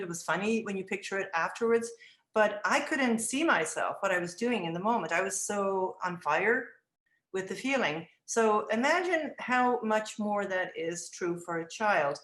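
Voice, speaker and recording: A middle-aged woman answers interview questions in a thoughtful, reflective way, starting over mid-sentence as she works out her point. She sometimes slips into the gentle words an educator would say to a child. Her voice sits at an ordinary pitch, and the room gives it a noticeable echo. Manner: thoughtful, reflective, with frequent restarts. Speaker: early childhood education director. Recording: roomy echo.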